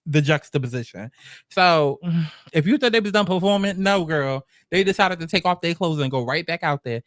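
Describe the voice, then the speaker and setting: Brief: young man, New York accent, sassy profane recap host, slightly high voice, dry close sound. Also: moderate pace, no echo. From the Bronx, New York. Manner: sassy, animated, profane storytelling with mock quotes. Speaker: commentary host. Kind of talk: reality show recap commentary.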